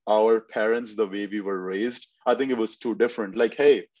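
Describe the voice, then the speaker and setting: A man's voice: lowish voice, steady tone, normal speed, darkish tone, dull audio. A man guest on a podcast, chatting casually and telling long stories with restarts. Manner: storytelling, lots of restarts and fillers. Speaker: bodybuilder guest.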